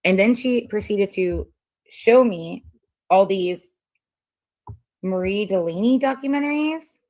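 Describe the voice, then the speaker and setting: A woman reading old messages aloud on a casual stream, halting with many ums. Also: medium pitch, a little mellow, dry recording, poor audio.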